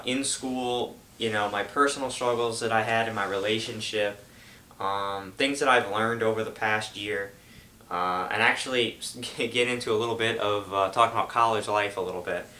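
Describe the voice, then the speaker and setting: A young man hosts a casual video update for his gaming channel, wandering from point to point with plenty of fillers. His voice sits low but has a bright edge. The room around him echoes, and a faint hum runs underneath. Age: young adult. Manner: rambling, loose, lots of fillers. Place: home room.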